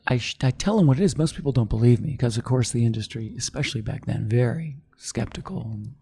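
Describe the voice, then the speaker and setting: A middle-aged man, a company founder, telling his story in a podcast interview, animated and quick to act out what others said. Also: mid-range voice, creaky, husky. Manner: animated storyteller, acts out quoted voices.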